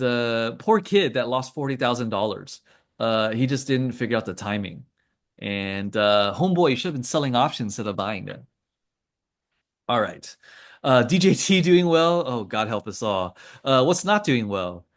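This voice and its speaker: A man's voice: mid-range voice, expressive, normal speed. A man hosting a casual trading call, rambling through charts with joking asides and lots of fillers. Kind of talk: casual screen-share commentary.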